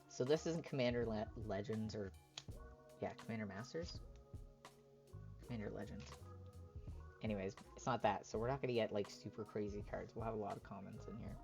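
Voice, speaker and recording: A man's voice: on the low side, a little fast, creaky, pauses often, faint music behind. A man on a live stream, chatting casually and reading card text aloud as he opens packs. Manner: reads card text aloud in a relaxed running commentary.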